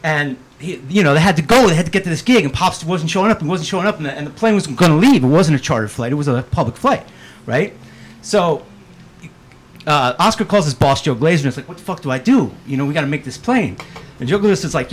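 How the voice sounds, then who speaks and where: A man telling stories as a guest in casual, profane, animated chat. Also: fairly high pitch, fast.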